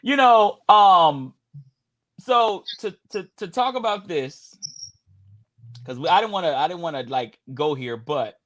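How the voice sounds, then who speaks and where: A man from Houston co-hosting a casual chat, animated and profane, with stammering restarts. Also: sits high, measured pace. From Houston, Texas. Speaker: co-host.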